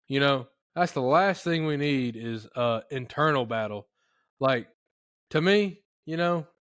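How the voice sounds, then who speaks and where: A man hosting a podcast, telling a story in a rambling, folksy, animated way. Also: medium pitch, no room sound, studio quality. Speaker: podcast host. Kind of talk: casual storytelling chat.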